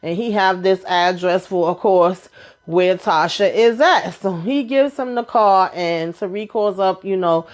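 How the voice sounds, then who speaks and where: A woman recapping a TV drama episode in an animated, slangy storytelling manner, full of asides to her viewers. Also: medium pitch, measured pace. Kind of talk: casual chatty episode recap.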